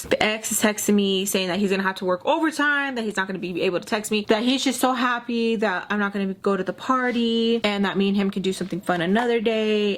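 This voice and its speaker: Blunt, profane young woman telling a story. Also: medium pitch. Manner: blunt and profane, heated venting; acts out quoted dialogue in shifting voices. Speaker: storytime vlogger. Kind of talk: casual storytime.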